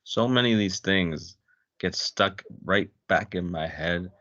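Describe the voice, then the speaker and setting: A man's voice: low voice, unhurried, pushed and bright, no echo, lo-fi sound. A man co-hosting a podcast, chiming in casually about a film in a blunt, profane way. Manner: short agreeing interjections, blunt and profane. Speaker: podcast co-host. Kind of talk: casual movie discussion.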